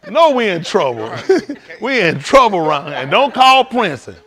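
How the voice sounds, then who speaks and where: A man hosts a livestream, cracking jokes and acting out the people in his stories. His voice sits high and swings widely in pitch as he animates each bit. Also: normal speed. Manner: animated storytelling, acting out quoted voices, laughing. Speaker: livestream host at a congregation. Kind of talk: casual joking talk to a livestream audience.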